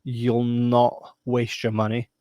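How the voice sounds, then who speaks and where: A man's voice: medium pitch, monotone, slow, warm tone, no echo, studio quality. Laid-back Scottish man giving blunt views. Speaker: podcast co-host. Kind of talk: casual film review chat.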